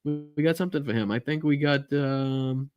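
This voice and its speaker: A man's voice: fairly high pitch, normal speed, lo-fi sound, loud music behind the voice. A man hosting a political podcast live from home, chatting loosely, swearing and thanking viewers. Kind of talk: casual live-stream chat.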